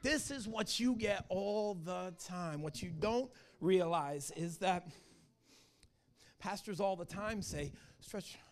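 A man preaching a lively, joking sermon to a church service. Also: high voice, slow. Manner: joking, animated, talks to the crowd. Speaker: guest preacher.

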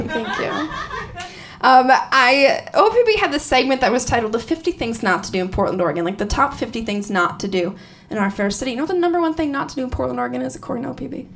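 A woman in her thirties doing a stand-up comedy set on stage, profane and animated, laughing through her punchlines. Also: high voice, fast, gravelly, slight background noise. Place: comedy venue with a live audience.

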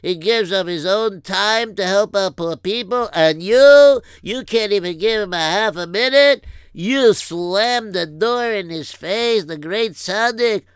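A man plays a preachy, insistent man in a story drama who scolds and lectures. His voice is high and smooth, recorded dry and close. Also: slow pace, hardly any pauses, fairly bright tone, no echo. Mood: scolding. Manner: lecturing, reproachful.

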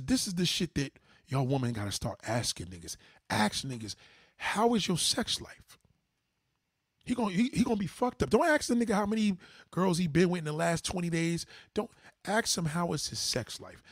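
Recorded dry with clean studio sound, a man with a husky voice hosts a livestream and gives his viewers blunt, profane advice in a casual, preachy way. He mimics other people in a higher pitch.

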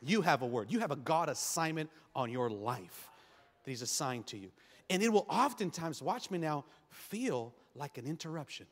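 A man pastor preaching a sermon, telling stories with big swings from quiet asides to loud bursts. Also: a little high, animated, moderate pace, in a large hall. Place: church.

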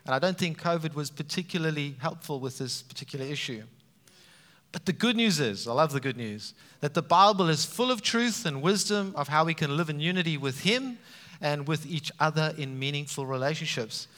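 A man preaching a sermon, animated and emphatic, with frequent rises for emphasis. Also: on the high side, brisk. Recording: reverberant hall sound.

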